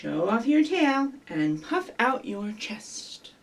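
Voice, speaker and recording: A woman leads children's story time, reading aloud in an unhurried, patient rhythm. Her higher voice swoops all over as she chirps bird calls and coaxes the little ones to join in. She sounds a little distant from the microphone. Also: slight background noise. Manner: animated sing-song, with high bird calls and prompts to join in. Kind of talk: reading aloud and leading rhymes for young children. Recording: voice from some distance from the mic.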